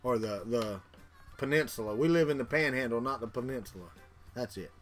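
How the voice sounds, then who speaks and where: Faint music plays behind a middle-aged Florida host with a Southern accent, talking a little fast at medium pitch. He rambles with his live audience, chuckling and repeating words.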